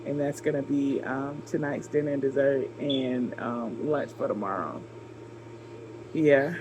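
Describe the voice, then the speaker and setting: A woman from Georgia with a Southern accent, talking casually to camera in a response video, encouraging a viewer with drawn-out, repeated phrases. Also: rumbling low, fairly even intonation, background noise. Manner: warm, repetitive encouragement with drawn-out emphasis. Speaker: vlogger making a response video.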